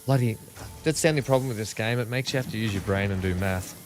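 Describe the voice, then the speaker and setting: A man's voice: fairly low pitch, fast, faint music behind. An Australian man hosting a multiplayer game stream, chatting casually with teammates, asking lots of questions and laughing easily. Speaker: streamer host. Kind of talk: casual multiplayer gaming chat.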